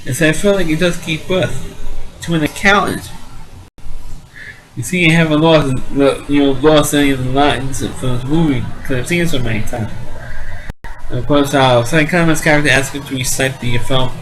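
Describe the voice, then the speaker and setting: A man's voice: fairly high pitch, a bit bright, rough recording. Rambling man recapping a movie. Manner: rambling, halting, many restarts and fillers. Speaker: amateur movie reviewer.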